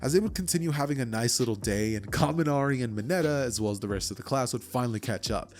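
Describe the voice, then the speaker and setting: A man's voice: medium pitch, fast talker, soft background music. A man narrating an imagined story casually, chatting to viewers with asides. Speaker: fan storyteller.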